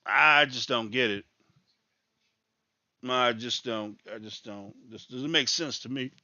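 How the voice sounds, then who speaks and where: Exasperated ranting sports fan, bright voice. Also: male voice, medium pitch, slow pace, dry recording, lo-fi sound. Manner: exasperated, ranting, repeats himself. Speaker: sports talk host. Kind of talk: live game reaction commentary.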